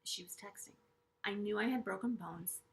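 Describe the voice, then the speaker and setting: A middle-aged woman earnestly telling a personal story to camera, halting and restarting often and dropping to hushed asides. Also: mid-range voice. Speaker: vlogger sharing a personal story.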